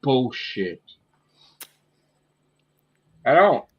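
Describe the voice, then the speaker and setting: A man co-hosting a casual fan podcast, talking in a blunt, animated way and swearing often. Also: mid-range voice, extremely slow, husky. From Italian heritage. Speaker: podcast co-host. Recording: muffled lo-fi audio.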